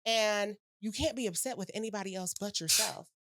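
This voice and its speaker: A woman hosting a podcast in a casual, animated conversation, playful and self-mocking as she talks. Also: mid-range voice, fairly quick, no echo, clean studio sound. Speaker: podcast host.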